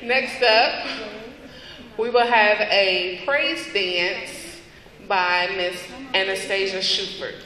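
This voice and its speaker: A woman's voice: medium pitch, fairly even intonation, slow pace, sharp tone. Casual woman emcee in an echoey hall. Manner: casual, hesitant announcing. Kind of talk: event announcements. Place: large school hall with audience. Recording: echoey hall, crowd behind.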